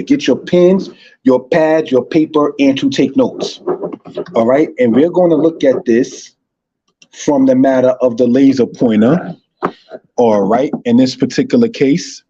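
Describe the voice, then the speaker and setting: A man's voice: mid-range voice, warm tone, breathy edge, dull audio. A man teaching an online Hebrew lesson, repeating phrases and addressing listeners as brothers and sisters.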